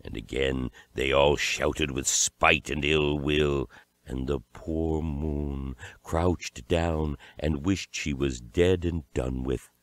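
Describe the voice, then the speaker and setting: Male storyteller, very deep voice, slow deliberate read-aloud, dry mic. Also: steady tone, dry recording. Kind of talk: fairy tale read-aloud narration.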